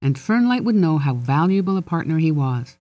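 A narrator reading a children's fantasy story aloud in a steady, gently expressive way. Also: mid-range voice, moderate pace, dry recording. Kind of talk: audiobook narration.

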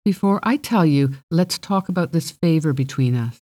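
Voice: medium pitch, animated, normal speed, darkish tone, no room sound, clean studio sound, lightly acted. A reader voicing a proud, guarded fairy princess who speaks formally and bargains haughtily. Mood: bargaining. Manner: arrogant, formal, evasive.

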